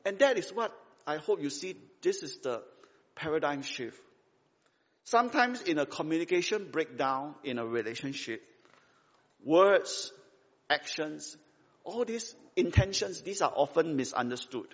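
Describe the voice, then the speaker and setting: A man's voice: fairly high pitch, expressive, a little slow. A man preaching a sermon in a conversational, emphatic way, full of rhetorical questions and tag questions. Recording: dull sound with long hall reverb.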